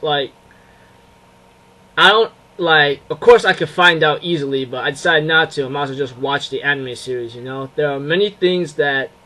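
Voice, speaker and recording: A young man talks through an anime episode in a loose, unscripted way. His voice sits a little high for a man, and he stumbles, restarts and leans on fillers as he goes. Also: fairly bright tone, low-quality recording. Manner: rambling, halting, many fillers and restarts. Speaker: anime reviewer. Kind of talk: casual spoken episode review.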